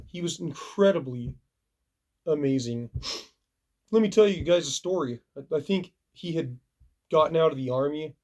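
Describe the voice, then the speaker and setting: Man, casual vlog story, animated, punch sound effects, fairly high voice. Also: normal speed, pauses often. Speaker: video reviewer.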